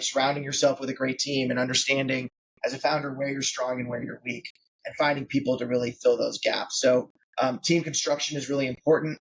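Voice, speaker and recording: A man's voice: medium pitch, creaky, lo-fi sound, a little hiss or hum. A man in his late forties, a founder being interviewed on a podcast, talking conversationally with many fillers. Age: 40s. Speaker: guest founder.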